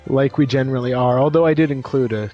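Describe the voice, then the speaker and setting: A man chatting on a podcast panel, relaxed and hesitant with many fillers. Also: medium pitch, quick pace, muffled recording, faint music behind. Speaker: features and community editor, panelist. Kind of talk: casual podcast chat.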